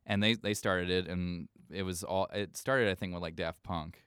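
A man's voice: sits low, fairly even intonation, moderate pace, a bit bright, smooth, no room sound, clean studio sound. A young man talking as a podcast guest in a rambling, jokey way. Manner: rambling, jokey, slips into mock voices. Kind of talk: casual chat.

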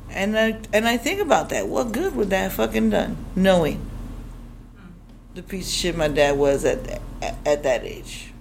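A young woman from Chicago telling a personal story on stage, animated and profane, acting out the voices she quotes. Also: medium pitch, a little slow, gravelly, a little hiss or hum. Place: stage before a live audience.

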